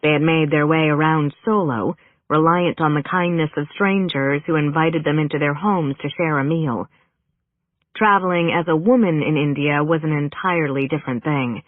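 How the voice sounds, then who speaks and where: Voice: mid-range voice, normal speed, dry recording. An audiobook narrator reading a story with wry, dry humor. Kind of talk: scripted narration. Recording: narrow phone-like band, dry.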